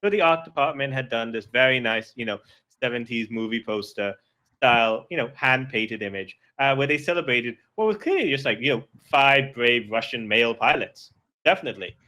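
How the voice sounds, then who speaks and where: Bright-voiced rambling game master. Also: male voice, medium pitch, lively intonation, fairly quick. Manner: rambling, full of fillers and restarts. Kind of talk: narrating a tabletop game.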